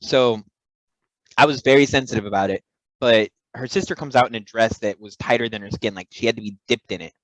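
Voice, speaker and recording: A man co-hosting a comedy podcast, telling a long story in loose bursts with lots of restarts and self-interruptions. His voice sits at an ordinary middle pitch, recorded close and dry. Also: brisk, dry recording, poor audio. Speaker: podcast co-host.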